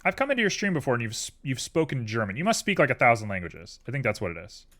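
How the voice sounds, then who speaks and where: A man's voice: medium pitch, very animated, fast talker, pushed and bright. A tired man chatting casually and rambling drowsily on a live stream while he works on a 3D model at his computer.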